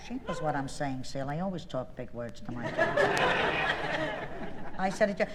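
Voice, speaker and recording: A woman doing a comic phone monologue as a chatty mother who keeps scolding her kids with sudden shrill yelling. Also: lively intonation, normal speed, pauses often, a crowd in the background. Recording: old recording with loud hiss and long reverb.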